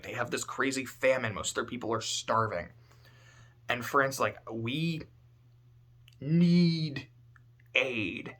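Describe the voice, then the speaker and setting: A man talking casually about a story, animated and swearing, swinging between loud outbursts and low muttering. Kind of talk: casual spoken commentary.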